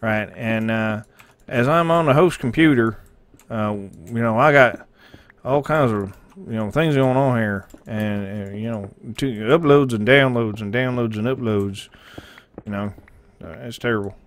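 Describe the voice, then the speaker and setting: A man's voice: mid-range voice, unhurried. A man hosting a livestream, chatting casually and jokingly with viewers while playing a game, rambling and easily distracted. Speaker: livestream host.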